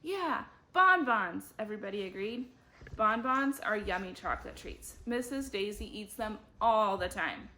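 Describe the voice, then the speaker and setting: A woman reading a children's chapter book aloud, lively, with big jumps in her voice as she voices the children and teachers. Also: medium pitch, normal speed. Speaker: book club reader.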